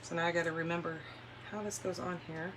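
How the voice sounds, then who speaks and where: Talking fast in a fairly low, steady voice over a noisy background, she hosts a home crafting stream from California. While demonstrating paper crafts, she chats loosely, rambles through anecdotes, and laughs readily.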